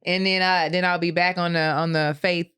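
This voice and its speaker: On the low side and smooth, her voice moves fairly quickly. As one of a podcast's co-hosts, she trades relaxed stories, often laughing and acting out the voices in them.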